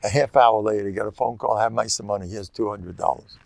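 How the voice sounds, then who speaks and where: Older rabbi with a gravelly voice. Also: male voice, no echo. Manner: animated, leaps to high excited pitch, laughs at his own stories; halting restarts, mixes Yiddish and Hebrew words into English. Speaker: rabbi giving a lecture. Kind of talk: lively storytelling sermon.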